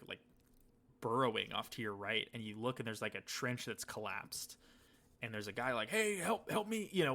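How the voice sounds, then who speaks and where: A man's voice: on the low side, gravelly, pushed and bright. A man co-hosting a casual podcast, telling a story in a rambling way and acting out the lines he quotes. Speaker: podcast co-host. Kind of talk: casual chat.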